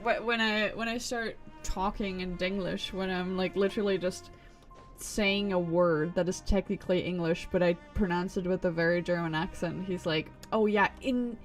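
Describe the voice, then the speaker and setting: Here a woman's fairly low, steady voice moves at a normal speed as she gives casual commentary on her gameplay. Her talk wanders, turns profane, and keeps breaking off partway through sentences, all over loud game music.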